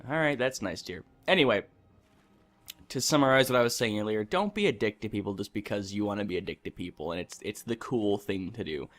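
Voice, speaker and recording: A man's voice: lowish voice, expressive, a little fast, fairly bright tone, faint music behind. A young man hosting a gaming channel, chatting casually and ranting with lots of swearing while he plays. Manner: ranting, profane, rambling. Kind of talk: casual let's-play commentary.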